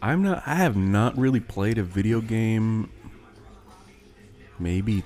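Rambling low-voiced male podcast host. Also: lively intonation, slow pace, a little mellow. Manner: rambling, self-interrupting, laughs often. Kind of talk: casual chat.

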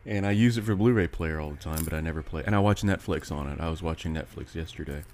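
A man's voice: extremely low pitch, fast, darkish tone. A man hosting a casual podcast, rambling and restarting his sentences, laughing often. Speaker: podcast host. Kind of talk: casual chat.

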